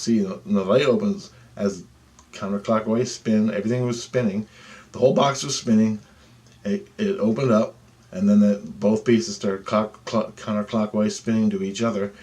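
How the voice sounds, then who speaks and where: A man telling a rambling spiritual story in a casual way, swearing often, dropping to hushed tones and then shouting. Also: fairly low pitch. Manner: excitable, profane, jumps from hushed to shouting; rambling, restarts often, asks listeners "okay?".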